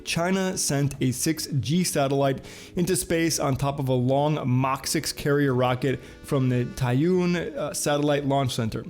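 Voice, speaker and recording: A man's voice: medium pitch, steady tone, a little slow, a little mellow, faint music behind. A man hosting a casual video show, reading headlines and chatting with lots of filler uhs. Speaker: host.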